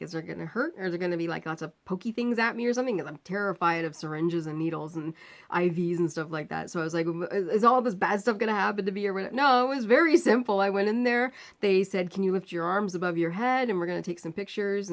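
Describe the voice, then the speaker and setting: This vlogger recounts something from her own life in a relaxed, lively way, her voice at a medium pitch. She performs the voices of the people she quotes and breaks into occasional laughter.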